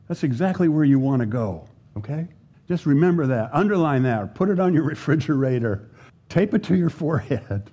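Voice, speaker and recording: A man preaching a sermon as a pastor, earnest and unhurried, leaning hard on scripture readings and pausing for effect. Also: fairly high pitch, expressive, dark tone, husky. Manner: earnest, slow preaching with dramatic pauses and emphatic scripture readings.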